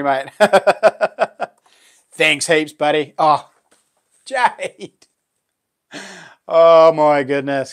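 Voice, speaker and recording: A man with a New Zealand accent chats casually as the host of a live stream, trailing off and starting over as he talks. His voice sits a little high for a man. His tone stays friendly and easy as he thanks his viewers. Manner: chatty, thanks viewers warmly, lots of fillers and laughs. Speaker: livestream host and knifemaker.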